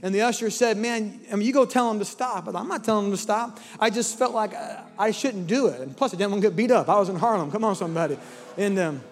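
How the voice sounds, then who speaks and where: High-voiced impassioned pastor in a big hall. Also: male voice, quick pace. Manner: impassioned, rising to near-singing fervor. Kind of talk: sermon with altar call. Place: large church hall with congregation. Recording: long hall reverb with soft music and crowd.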